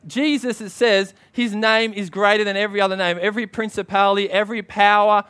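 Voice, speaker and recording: A man's voice: high voice, flat delivery, a little fast, a bit bright, smooth. A man preaching a sermon, emphatic and punchy, often calling out to the congregation for a response.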